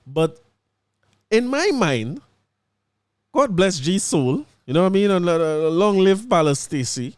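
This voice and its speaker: A man with a Trinidadian accent hosting his podcast, telling a story in casual chat, animated and laughing as he acts out what people said. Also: high-pitched, measured pace, long pauses, clear, resonant tone, no room sound. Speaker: podcast host.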